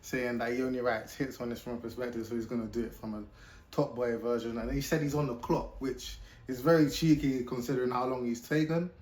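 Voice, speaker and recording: A British man talks loosely through a reaction video at a middling pitch. He pauses the track often to comment in an easygoing, conversational way. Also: steady tone, darkish tone.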